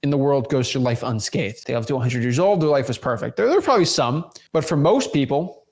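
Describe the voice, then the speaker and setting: A man with a voice of ordinary pitch delivers an emphatic motivational talk straight to his viewers. He often stumbles and repeats words as he pushes his point, and he talks to them casually as y'all. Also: expressive, fast. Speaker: real estate investing YouTuber.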